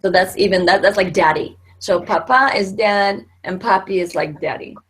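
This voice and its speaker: A woman's voice: medium pitch, normal speed, slightly rough. A middle-aged woman teaching a Spanish class, explaining patiently with many fillers and restarts.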